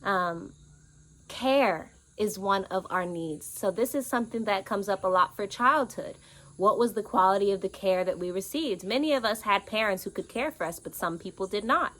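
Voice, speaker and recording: A woman coaching on inner child healing, talking to camera outdoors in an earnest, animated way with lively quoted asides. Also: medium pitch, normal speed. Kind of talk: casual teaching monologue. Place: outdoors in nature with birds and bugs.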